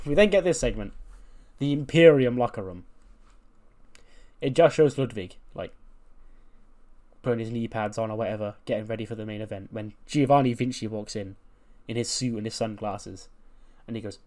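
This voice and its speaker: A man's voice: fairly low pitch, normal speed, pauses often, darkish tone. Chatty man narrating a game. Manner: chatty, playful, acts out scenes. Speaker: gaming video host. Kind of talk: casual game commentary.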